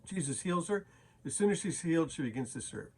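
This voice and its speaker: Man, pastor, casual Bible teaching, husky, fillers and restarts. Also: fairly high pitch, lively intonation, fairly quick. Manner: conversational, many fillers and restarts.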